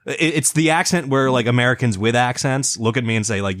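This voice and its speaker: A man's voice: medium pitch, brisk, fairly bright tone, no room sound, clean studio sound. A young man from the American Midwest, co-hosting a podcast in a rambling, filler-heavy casual chat. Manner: rambling, many restarts and fillers. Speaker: podcast co-host.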